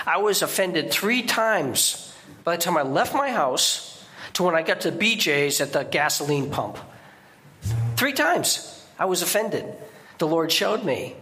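A man preaching a sermon as a guest preacher in a church, in a conversational way with sudden emphatic rises in pitch. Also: lively intonation, unhurried, sharp tone.

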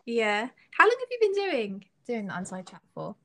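A young British woman, a singer-songwriter guest, chatting casually in an interview, giggly and halting with many restarts. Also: a little high, wildly swooping pitch, bright, forceful tone. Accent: British English.

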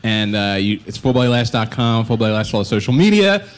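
Lively Philadelphia-accented man, laughing guest. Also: medium pitch, fast, clean tone. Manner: animated, laughing often. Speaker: podcast guest. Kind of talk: casual podcast chat.

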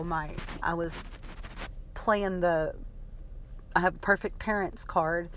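A woman telling a painful personal story, emotional and halting, with fillers and restarts. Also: fairly low pitch, a little hiss or hum. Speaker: storyteller sharing personal experience.

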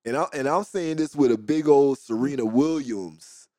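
A man co-hosting a podcast, chiming in with quick, teasing reactions and advice. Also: medium pitch, a little mellow, no room sound, studio quality. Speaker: podcast co-host. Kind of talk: casual chat.

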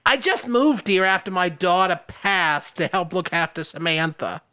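A man's voice: high-pitched, animated, moderate pace, sharp tone, clear, resonant tone. A man voicing a grieving, devout elderly grandmother in a comedic script table-read, earnest and melodramatic. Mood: solemn.

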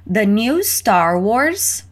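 Slow, lively woman teaching English phrases. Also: medium pitch. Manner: lively, exaggerated intonation for learners to repeat. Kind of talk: slow, clear repetition drills.

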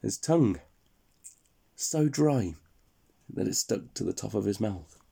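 A man reading a fairy tale aloud to a child in a relaxed, chatty way, stopping to explain and laugh. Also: lowish voice, measured pace, vocal fry, breathy edge.

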